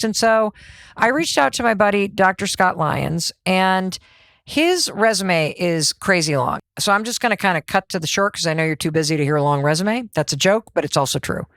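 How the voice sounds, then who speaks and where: A middle-aged woman hosting a motivational podcast, talking in an energetic, conversational way and asking herself rhetorical questions. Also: fairly low pitch, normal speed, dry recording, clean studio sound. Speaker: podcast host.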